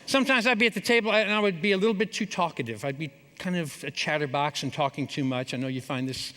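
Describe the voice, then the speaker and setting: A man's voice: a little high, fast, pushed and bright. A middle-aged man giving a humorous chapel talk, telling family stories and acting out his parents' lines. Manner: storytelling, jokey, acts out his parents' lines. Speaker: chapel speaker. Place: large hall. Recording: long reverb of a large hall.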